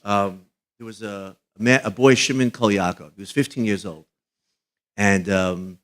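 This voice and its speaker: A middle-aged man, a rabbi, telling emphatic stories as a guest at a live fundraiser, his voice dropping low on the sad moments. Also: fairly even intonation, moderate pace, fairly bright tone. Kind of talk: live fundraiser broadcast chat.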